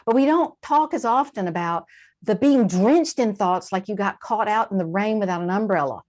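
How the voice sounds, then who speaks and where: A woman guest in an interview, explaining in a lively conversational way, with quick asides and frequent shifts in emphasis. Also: medium pitch. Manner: animated, warm-hearted explaining with quick asides and laughs. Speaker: translator and guest.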